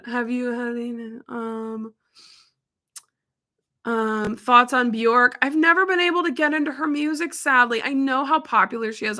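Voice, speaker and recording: A woman's voice: fairly high pitch, sharp tone. A young woman on a live stream, answering viewers' questions in a rambling, casual chat full of "like" and "um". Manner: rambling and chatty, heavy on "like" and "um".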